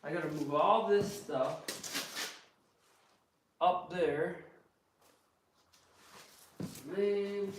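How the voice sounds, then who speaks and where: A man's voice: fairly high pitch, drawn-out words, pauses often. A man talking crudely and jokingly to himself while working on a skid steer in his shop, grumbling and ranting as he goes. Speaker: vlogger. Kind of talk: casual workshop vlog. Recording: roomy and distant, noisy background.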